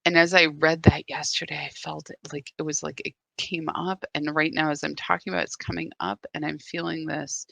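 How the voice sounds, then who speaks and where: Talking into her phone while hosting a live spiritual practice, a woman speaks candidly and emotionally, searching for words and often stopping to restart. Her deep, gravelly, slightly bright voice is flat and a little fast, with hardly any pauses and no room sound.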